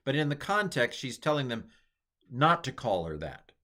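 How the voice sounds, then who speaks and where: A man's voice: medium pitch, sing-song, normal speed, pushed and bright. A middle-aged man giving a casual, chatty Bible Hebrew lesson, with playful asides and small jokes. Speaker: teacher.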